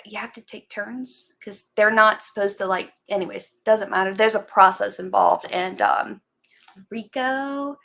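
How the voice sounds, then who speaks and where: A woman's voice: medium pitch, vocal fry, fairly bright tone. A woman hosting a casual live stream, chatting in a rambling way and greeting viewers by name as they join. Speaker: livestream host chatting with viewers.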